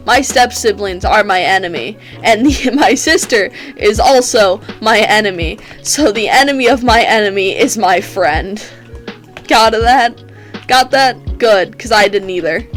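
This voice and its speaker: A teenage girl telling rambling, profane stories in a casual chat while she plays a game, laughing often. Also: medium pitch. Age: teens. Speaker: gaming streamer. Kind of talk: casual storytelling while gaming.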